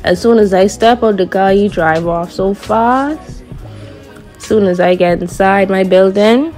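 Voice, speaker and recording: A young woman with a Bahamian accent tells her viewers a story in a loose, casual way. She acts out each line she quotes. Soft music plays faintly behind her. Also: medium pitch, measured pace. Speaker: vlogger.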